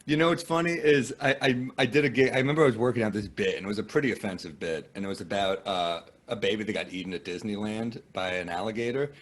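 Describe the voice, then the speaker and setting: A man's voice: lowish voice, quick pace, hardly any pauses. A man from the United States with an American accent, a comedian guesting on a podcast and telling self-deprecating anecdotes. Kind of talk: casual interview chat.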